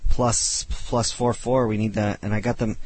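A man's voice: lowish voice, little pitch movement, normal speed, darkish tone, dry recording. A man hosting prank calls from his garage, bossing friends around with crude, laughing banter. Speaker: prank call host. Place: home garage.

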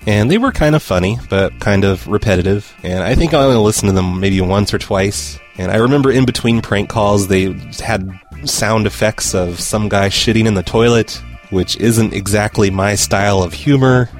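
A man with a fairly low voice hosts a podcast and answers listener voicemails. His talk is casual, dry and sarcastic, and he teases his callers. Faint music plays behind him. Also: normal speed. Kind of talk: casual chat.

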